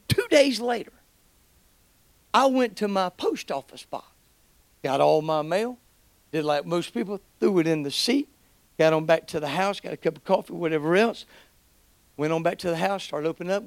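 A middle-aged man, preaching an animated testimony, shouting praise and quoting conversations. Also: high voice, moderate pace, no room sound. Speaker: guest preacher. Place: church.

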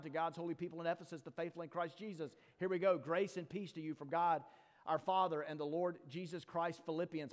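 A man preaching a sermon, reading scripture quickly and then slowing down to build rhetorical questions, with playful asides to the congregation. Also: fairly high pitch, big-room sound. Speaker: pastor.

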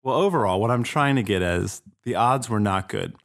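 A man's voice: medium pitch, animated, moderate pace, a bit bright. A young man hosting a casual history podcast, irreverent and jokey, swearing freely, a bit tipsy. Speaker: podcast host.

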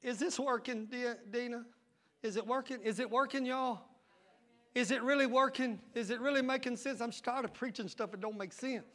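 Fervent pastor, male, bright piercing voice, preaching style. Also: very high voice, moderate pace. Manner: shouting, fervent preaching with call-and-response. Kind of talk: sermon.

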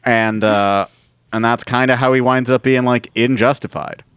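A man hosting a podcast in casual chat, an animated storyteller who drops into quick voices for the people he quotes. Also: mid-range voice, clear, resonant tone, no echo, studio quality. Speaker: podcast host.

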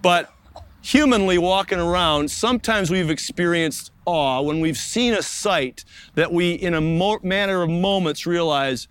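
A man's voice: sits high, a bit bright, clean tone, no room sound. Earnest man preaching a sermon outdoors. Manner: earnest preaching with slow emphatic pauses. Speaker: pastor. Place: outdoors in a park.

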